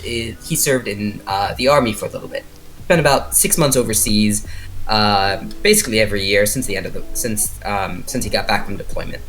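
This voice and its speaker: A man running a tabletop horror game for friends, talking casually and rambling through his narration. His voice is mid-pitched and relaxed, full of fillers. Faint music plays underneath. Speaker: game master.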